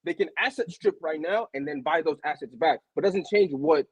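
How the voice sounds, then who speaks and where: Argumentative male panelist, rapid pace, slightly high, husky. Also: no echo, low-quality recording. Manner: animated, argumentative. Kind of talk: casual chat.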